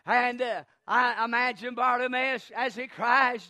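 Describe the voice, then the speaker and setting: A man preaching a sermon, impassioned and swelling into shouts. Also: very high voice, fairly even intonation, unhurried, few pauses.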